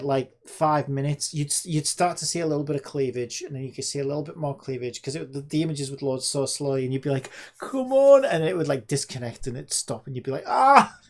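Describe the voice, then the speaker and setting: In this laid-back screen-recorded dev vlog, a man rambles and makes sarcastic remarks to himself as he develops a game. He has a mid-range voice with vocal fry and a darkish tone.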